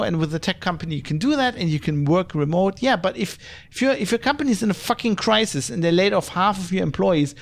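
A middle-aged man hosting a podcast, ranting in an exasperated, profane monologue. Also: sits high. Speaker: podcast host.

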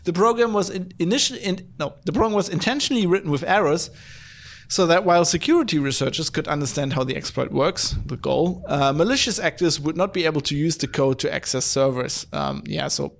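A man's voice: on the high side, a little fast. Ranting profane podcast host, man. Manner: ranting, profane, many fillers. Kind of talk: casual chat.

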